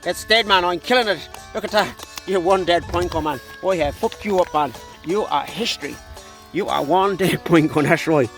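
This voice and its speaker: A man voicing his excitable young male dog with a brash, foul-mouthed Irish accent, filmed on a phone outdoors on a farm. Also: high voice, normal speed, faint music behind. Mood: cocky. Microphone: handheld phone.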